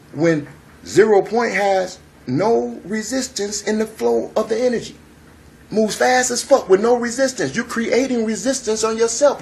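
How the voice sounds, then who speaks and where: A man's voice: high voice, darkish tone. A man giving a freewheeling spiritual monologue to camera, profane and emphatic, repeating phrases and using street slang. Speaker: spiritual vlogger.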